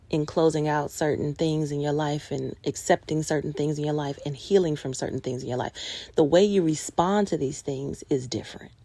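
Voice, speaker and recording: Woman host, low gravelly voice, earnest and passionate, shifts between firm and hushed. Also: no echo. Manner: earnest, passionate, slows to a hush at times. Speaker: host of a personal growth talk. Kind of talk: reflective monologue on healing.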